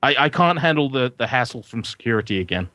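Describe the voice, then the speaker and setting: Male guest, mid-pitched, chatty and rambling, dry close mic. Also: lively intonation, fast, sharp tone, no echo. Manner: chatty, rambling with restarts and jokes. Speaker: guest consultant. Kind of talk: casual podcast chat.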